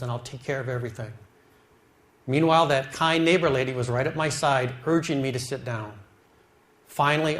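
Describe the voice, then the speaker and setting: Middle-aged man, earnest testimony speaker, slow and heartfelt, average pitch. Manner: slow, heartfelt storytelling, drops quiet at sad moments. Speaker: speaker telling his life story. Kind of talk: emotional testimony.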